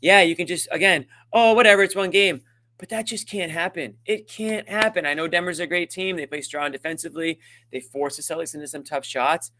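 Guy on a postgame show, fired up and frustrated, punchy bright tone. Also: on the high side, fairly quick, hardly any pauses, slight background noise. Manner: heated, emphatic, venting frustration. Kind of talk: sports postgame analysis chat.

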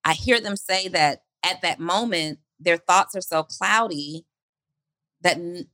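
A bright, forceful woman's voice, a little low for a woman, delivers an earnest motivational talk on a podcast. She builds with one rhetorical question after another. The sound is dry and close. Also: slow pace, no room sound.

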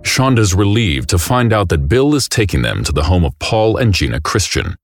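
A man hosting and narrating a true-crime documentary in a grave, measured storytelling manner. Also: sits low, very animated, no room sound. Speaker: host and narrator. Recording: music bed underneath.

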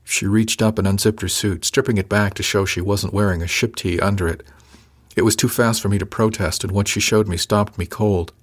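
A man reading a first-person story aloud, calm and measured with a gentle touch. His voice sits on the low side. The telling is even and unhurried. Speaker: audiobook narrator. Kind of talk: first-person audiobook narration.

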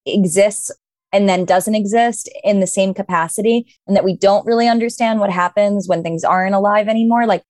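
A woman's voice: medium pitch, brisk, a little mellow, no room sound, clean studio sound. A young adult woman hosting a casual chat and reading tarot, enthusiastic. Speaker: podcast host and tarot reader.

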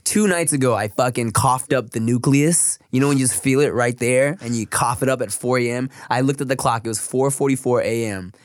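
A man co-hosting a podcast in casual, profane chat, his throat a little rough from a cold. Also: mid-range voice, fairly quick, hardly any pauses, no room sound, clean studio sound. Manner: swearing, storytelling, playful. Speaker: podcast co-host.

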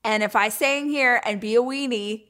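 A woman hosting her own weekly show, telling a story in a chatty, animated way, full of "like" and acting out her own thoughts in whispers and squeals. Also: a little high, moderate pace. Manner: chatty, lots of "like". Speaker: show host. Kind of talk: casual storytelling chat.

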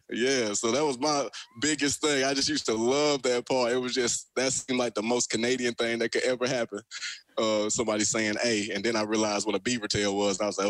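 A man's voice: medium pitch, brisk, no room sound. A young man with a Southern American accent, a pro football player telling stories as a guest in a casual radio interview. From Alabama, USA. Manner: animated storyteller, folksy.

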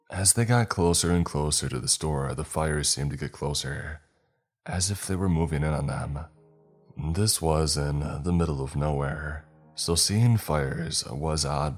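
A man with an extremely deep voice reads a first-person horror tale. He keeps an even, measured storytelling pace throughout. Faint music plays quietly underneath. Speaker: narrator. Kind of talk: scripted horror story narration.

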